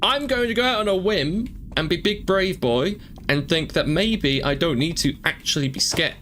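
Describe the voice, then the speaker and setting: A man's voice: on the high side, expressive, moderate pace, bright, forceful tone, a little hiss or hum. A man playing through a game, thinking aloud and asking question after question in an earnest, emotional way. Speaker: gaming streamer. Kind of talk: let's play commentary.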